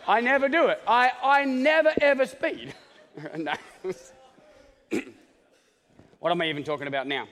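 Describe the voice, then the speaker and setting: A man preaching a sermon as pastor, joking and animated, often checking in with the congregation with "okay?". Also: very high voice, moderate pace, pauses often, in a large hall. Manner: joking, animated, talks straight to the congregation with many "okay?" asides.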